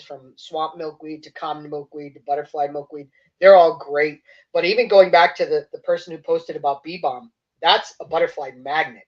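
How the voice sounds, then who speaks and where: Enthusiastic man on a muffled call. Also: fairly high pitch. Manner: enthusiastic, explanatory, trailing off softly. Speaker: seed company guest expert. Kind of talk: casual livestream interview answers.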